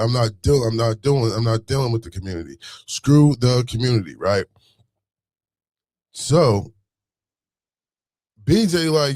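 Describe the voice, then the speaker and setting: Animated slangy male storyteller. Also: mid-range voice, dry recording. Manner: animated, street slang, repeats phrases, rants. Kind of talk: casual storytelling monologue.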